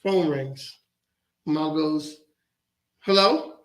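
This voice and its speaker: A man's voice: high voice, moderate pace, gravelly, fairly bright tone, reverberant, rough recording. A man co-hosting a podcast, telling a long personal story and acting out the voices of his family. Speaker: podcast co-host. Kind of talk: storytelling in casual studio chat. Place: podcast studio with live audience.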